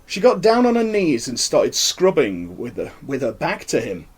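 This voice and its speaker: A man reading his own horror-comedy story aloud in an expressive, wry manner. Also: fairly high pitch, normal speed, husky.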